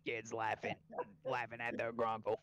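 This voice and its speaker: A man's voice: mid-range voice, completely flat delivery, moderate pace, fairly bright tone, clear, resonant tone, lightly acted. A man voicing a grumpy old great-uncle for a comedy fan dub. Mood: baffled.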